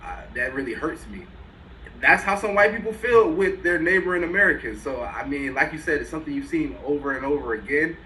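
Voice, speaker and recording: A man's voice: on the high side, quick pace, few pauses, bright, forceful tone, rough recording. A man co-hosting a sports talk show in casual chat, blunt and profane, laughing as he makes his points. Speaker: podcast co-host.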